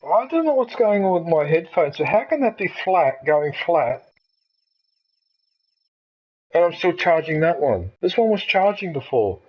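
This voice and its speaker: A man's voice: fairly high pitch, big pitch swings, moderate pace, slightly rough, highs cut off. A man giving live gameplay commentary, muttering to himself in frustration and swearing often. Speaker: gaming channel host. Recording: loud game car noise behind.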